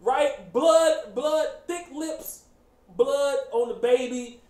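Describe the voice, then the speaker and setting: Animated, high-voiced joking man. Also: takes it slowly. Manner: animated, joking, laughing often. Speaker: host. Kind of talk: casual chat. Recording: echoey room, faint background noise.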